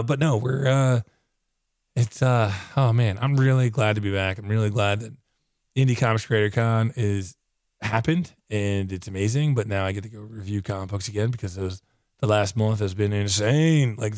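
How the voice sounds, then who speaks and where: An out-of-breath man whose voice is fading, reviewing a comic book in an excited, rambling way full of "like". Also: fairly low pitch, moderate pace, no echo, studio quality. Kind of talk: casual video review.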